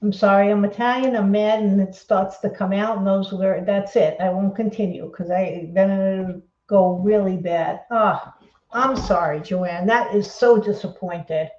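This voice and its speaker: A woman hosting a crafting livestream, talking casually and rambling excitedly as she reads viewer comments and apologizes often. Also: mid-range voice, a little slow. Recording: roomy, dull lo-fi sound.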